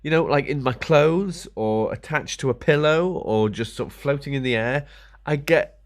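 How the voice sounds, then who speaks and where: A man's voice: mid-range voice, moderate pace. A middle-aged man ranting casually to camera, grumbling and sarcastic, muttering to himself as he works. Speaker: vlogger.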